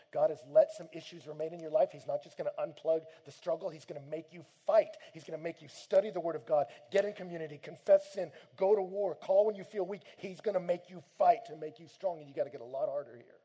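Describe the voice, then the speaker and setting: Impassioned preacher man, mellow voice. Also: fairly high pitch, quick pace, hardly any pauses, slightly rough. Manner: swings from hushed to shouting, emphatic. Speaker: pastor. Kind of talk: sermon.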